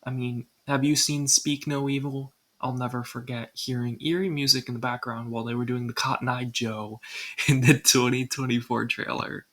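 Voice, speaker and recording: Young woman, video narrator. Scripted ranking read, casual with dry asides, husky edge. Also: a bass voice, steady tone, moderate pace, rough recording. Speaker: video creator.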